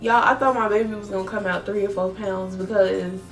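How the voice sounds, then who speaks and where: A young woman vlogger, telling her story in a blunt, profane, animated way. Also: mid-range voice, fairly quick, soft background music. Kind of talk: casual storytelling vlog.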